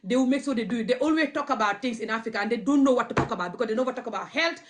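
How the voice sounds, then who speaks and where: Her voice sits fairly high and she speaks very fast. A non-native English-speaking activist vlogger, she gives a blunt, stubborn, impassioned rant to camera, circling back to her points repeatedly.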